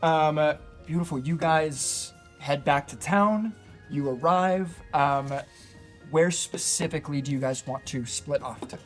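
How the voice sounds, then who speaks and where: A man's voice: on the high side, unhurried, faint music behind. A man narrating a tabletop game as dungeon master, casual and rambling with many fillers.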